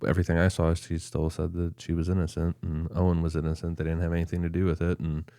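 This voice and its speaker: A male podcast co-host with an extremely low, dark, mellow voice, recorded dry and close. He relays the facts plainly and chats easily with the others. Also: monotone, fast, no room sound. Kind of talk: casual podcast chat.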